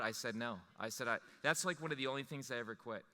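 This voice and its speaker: A man telling a personal story to an audience, animated and rambling, with restarts. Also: a little high, fairly quick, long reverb tail. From Wisconsin.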